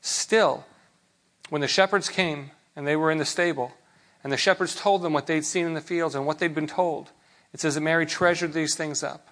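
Conversational pastor, slightly high voice. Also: male voice, steady tone, normal speed, fairly bright tone. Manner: conversational, with frequent restarts and rhetorical questions. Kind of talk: sermon.

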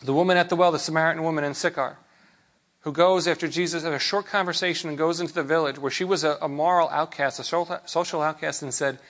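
Conversational pastor, slightly high voice. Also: male voice, steady tone, fast talker, fairly bright tone. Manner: conversational, with frequent restarts and rhetorical questions. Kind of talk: sermon.

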